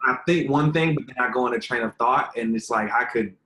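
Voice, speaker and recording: A middle-pitched man, a relationship content creator appearing as a guest, gives casual interview answers in an earnest, rambling way full of fillers. His tone is brisk and sharp, with a roomy echo and slight background noise.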